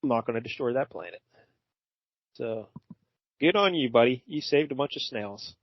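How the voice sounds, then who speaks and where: A man's voice: mid-range voice, lively intonation, moderate pace. A giant cosmic world-eater, tipsy and chummy, tells his new friend he is off the hook, as a man on a podcast puts him on. The sound is muffled and close, with no room echo. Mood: tipsy jovial.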